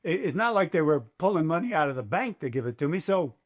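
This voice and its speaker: A man's voice: a little high, fast. Chatty older man telling a story. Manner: lively, chatty, fond of quoting himself. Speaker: podcast guest, race announcer. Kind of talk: casual storytelling.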